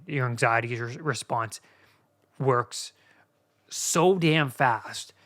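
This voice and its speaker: A man hosting a solo podcast, talking earnestly straight to his listeners like a coach, shifting from soft near-whispers to emphatic bursts. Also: mid-range voice, slow pace, pauses often. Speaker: podcast host.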